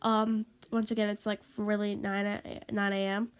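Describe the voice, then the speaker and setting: This woman's smooth, medium-pitched voice has little pitch movement and a normal speed. Recording a casual, rambling vlog on a tablet mic, she sniffles through a stuffy nose, apologizes, and repeats herself.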